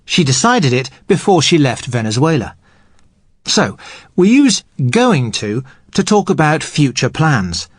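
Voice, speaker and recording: A man teaching English on a podcast, explaining grammar patiently and clearly. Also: on the high side, very animated, unhurried, dry recording, clean studio sound. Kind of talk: explanatory language lesson.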